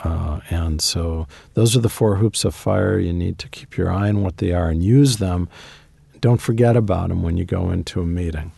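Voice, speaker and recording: A man telling stories in an interview, conversational with emphatic asides. His voice is very low and gravelly, dark and slightly husky. The sound is dry and close. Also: moderate pace, no room sound. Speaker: guest author. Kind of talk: interview storytelling.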